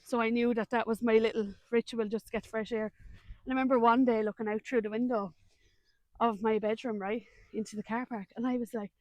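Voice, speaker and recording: An Irish woman in her thirties tells her story as an interview guest, animated and chatty, her voice sitting fairly high. The sound is dry and close, with no room around it. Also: brisk, no room sound. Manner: animated, colloquial storytelling with frequent laughs.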